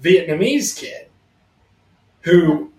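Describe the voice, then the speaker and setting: Man, fairly high voice, rambling storyteller, roomy echo, a bit off-mic. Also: extremely slow, far from the mic. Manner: rambling, animated storyteller who acts out quotes. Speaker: podcast co-host. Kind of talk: casual storytelling chat.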